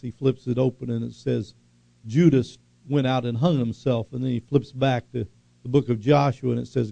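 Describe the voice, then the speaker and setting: A man's voice: mid-range voice, gravelly, mellow, no room sound. A man preaching a sermon, emphatic and repetitive, often putting questions to the congregation. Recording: dull lo-fi recording.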